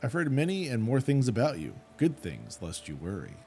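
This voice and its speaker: A man reading out a gruff, rustic woman who runs a chocobo ranch in a fantasy game, with blunt folksy speech. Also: mid-range voice, wildly swooping pitch, moderate pace, darkish tone, exaggerated voice. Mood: welcoming.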